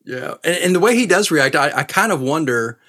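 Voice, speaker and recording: A man's voice: a little high, lively intonation, fairly quick, sharp tone. A man co-hosting a podcast, talking casually about reality TV and musing aloud. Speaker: podcast co-host.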